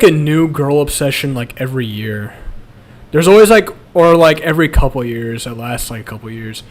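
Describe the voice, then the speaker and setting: A young man streaming, chatting casually and bluntly about his past, swearing a lot and laughing at himself. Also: mid-range voice. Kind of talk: casual confessional chat.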